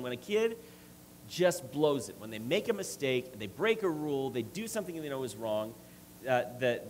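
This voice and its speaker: A man's voice: medium pitch, slight background noise, low-quality recording. A middle-aged man preaching a sermon and telling a family story, with many restarts. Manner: rambling, restarts often, storytelling.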